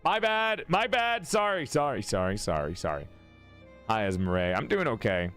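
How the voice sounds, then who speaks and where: A casual streamer, a man with an animated, swinging voice who rambles, swears and laughs along with chat. He stumbles and restarts his sentences freely, while soft soundtrack music plays quietly behind him. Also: medium pitch, moderate pace. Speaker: streamer and game player. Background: faint game soundtrack music.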